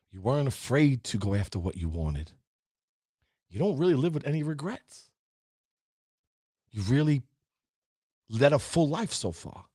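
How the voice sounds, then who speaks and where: Middle-aged guy doing a pep talk on a live stream, husky, dry close mic. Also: mid-range voice, no room sound. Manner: animated, chats with viewers in the live chat. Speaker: host of a live positivity show.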